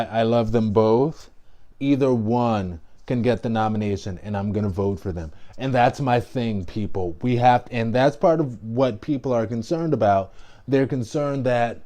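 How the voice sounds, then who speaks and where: A man vlogging casual political commentary, talking in an animated, emphatic way with frequent restarts and asides. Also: mid-range voice, unhurried.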